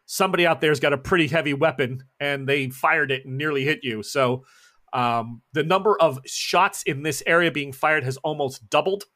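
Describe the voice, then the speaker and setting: A man's voice: a little high, fairly bright tone. A man running a tabletop horror game as game master, narrating the action with joking asides.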